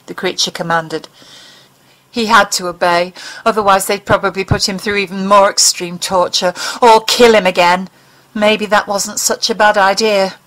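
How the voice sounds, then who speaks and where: A woman narrates an audiobook. Her reading is expressive and dramatic, at a mid pitch, and she paces the tense scene with care. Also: normal speed, low-quality recording.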